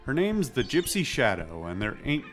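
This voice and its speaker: A man's voice: mid-range voice, huge pitch swings, normal speed, a bit bright, soft background music. A man reading a boastful male pirate captain in a hammy pirate accent.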